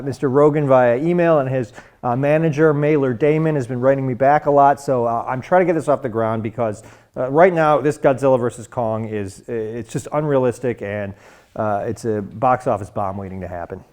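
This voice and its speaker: A man's voice: mid-range voice, normal speed, darkish tone. Rambling mock-serious comedy panelist man. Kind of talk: deadpan absurd comedy chat.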